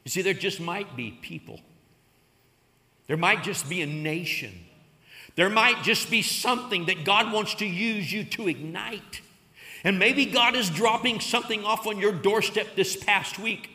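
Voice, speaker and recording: Male pastor, sermon, storyteller, bright forceful tone, long church reverb, drops to a hush then rises. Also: sits high, measured pace. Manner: storytelling, with sweeping swings from quiet to loud.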